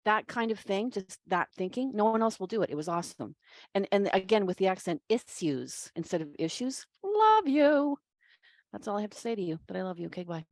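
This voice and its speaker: A woman's voice: medium pitch, very animated, a little fast, no room sound. Gushing woman judge. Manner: gushing, effusive. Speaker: competition judge. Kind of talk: casual spoken feedback.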